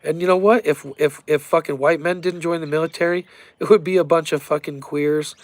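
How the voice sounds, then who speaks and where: A man ranting in a rambling, profane, excitable way about cryptids and conspiracies in a casual vlog. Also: fairly high pitch, a little fast, no echo. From Colorado, USA. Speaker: vlogger.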